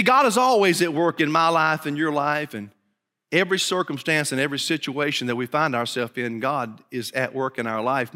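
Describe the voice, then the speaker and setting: A man preaching a sermon as pastor, emphatic, swinging between low, quiet stretches and high, urgent ones. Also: big-room sound.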